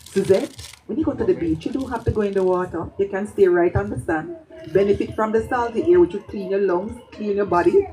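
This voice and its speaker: A woman's voice: mid-range voice, fairly quick, natural voice, low-quality recording. A woman as an insistent herbalist. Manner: insistent, gently urging. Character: earnest female herbal healer giving advice.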